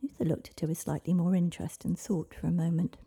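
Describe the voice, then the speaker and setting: A woman narrating a storybook in a soft, hushed voice that often drops to a whisper. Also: fairly low pitch, fairly even intonation, fast, gravelly, slightly rough. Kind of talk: storybook reading.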